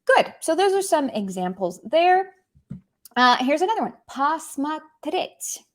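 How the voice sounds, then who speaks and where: A young woman teaching a language lesson online, animated and emphatic, often repeating her key points. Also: sits high, moderate pace.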